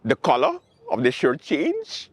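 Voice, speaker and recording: A man hosting a late-night comedy show, ranting about politics in a sarcastic, animated way. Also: mid-range voice, measured pace, slightly rough, no echo. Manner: animated, sarcastic, mocking quotes and repetition. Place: outdoors with planes overhead.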